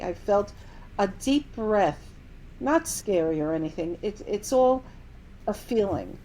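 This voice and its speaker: A woman speaks as a guest in a casual interview, telling a story with lively energy and acting out each quoted line. Her voice sits at an ordinary pitch, and a faint hiss runs under the recording. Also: low-quality recording. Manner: animated storyteller, acts out quoted dialogue. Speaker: medium and company CEO, podcast guest.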